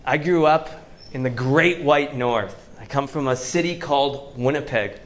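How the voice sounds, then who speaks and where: A Canadian man giving an inspirational talk to a live audience, telling stories with slow, dramatic pauses. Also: medium pitch. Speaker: motivational speaker. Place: event venue before a live audience.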